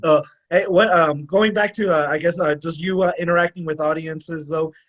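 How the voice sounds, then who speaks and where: A man's voice: fairly high pitch, steady tone, fairly bright tone. A man co-hosting a podcast, asking casual questions with many fillers and restarts. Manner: halting, many fillers and restarts, laughs a lot. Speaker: podcast co-host. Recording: dull lo-fi podcast audio.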